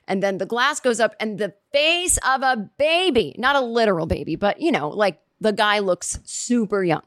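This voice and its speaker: A woman hosts a comedy podcast, spinning a rambling story and slipping into quick voiced asides. Her pitch sits in the middle of the range. The recording is dry and close, with no room sound. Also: lively intonation, fairly bright tone, no room sound. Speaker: podcast host. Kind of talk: comedic monologue.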